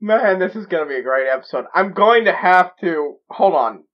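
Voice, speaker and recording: A man's voice: high voice, lively intonation, moderate pace, dull audio. A man hosting a reaction video, talking in a giddy, rambling way full of stammered restarts. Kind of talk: excited reaction commentary.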